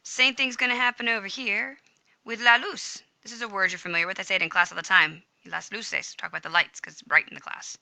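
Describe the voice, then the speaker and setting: This screen-recorded Spanish grammar lesson has a woman teacher going over on-screen notes in a cheerful, talkative way, catching and fixing her own mistakes. Her medium-pitched voice is steady and brisk, with vocal fry and a pushed, bright quality. The setting is a home room with a smart speaker; there's no room sound, though the audio quality is low.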